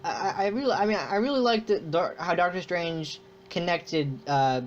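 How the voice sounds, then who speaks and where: A man's voice: high-pitched, normal speed, slight background noise. A man hosting a casual podcast chat, rambling with many restarts. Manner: rambling, restarts often, mock-impressions of a cocky hero. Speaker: podcast host. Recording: muffled lo-fi recording.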